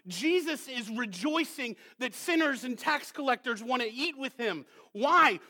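A male pastor preaching a sermon, moving from hushed questions to loud, emphatic calls and reading scripture slowly. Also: extremely high pitch, expressive. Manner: slows down to read scripture with weight; asks the congregation many rhetorical questions.

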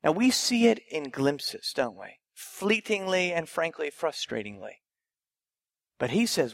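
High, gravelly-voiced male preacher. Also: big pitch swings, unhurried. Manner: emphatic preaching with rhetorical questions and repetition. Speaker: pastor. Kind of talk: sermon.

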